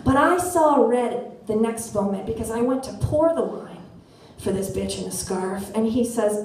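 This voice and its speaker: A woman in her thirties telling a story on a theater stage, animated and self-mocking. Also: sits high, distant mic. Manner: animated, self-mocking, quick shifts into voices. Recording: echoey theater, voice from afar.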